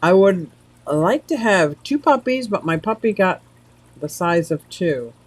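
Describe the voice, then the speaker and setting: A woman's voice: lowish voice, animated, unhurried, husky, no echo. A woman hosting a casual livestream from home, chatty and rambling as she reacts to the chat with frequent exclamations. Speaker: livestream host.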